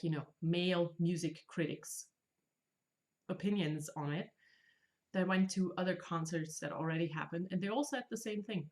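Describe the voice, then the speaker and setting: Woman in her 30s chatting on her craft podcast, gushy and jokey, kinda low voice. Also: darkish tone. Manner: chatty, enthusiastic, self-deprecating jokes. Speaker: podcast host. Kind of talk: casual chat.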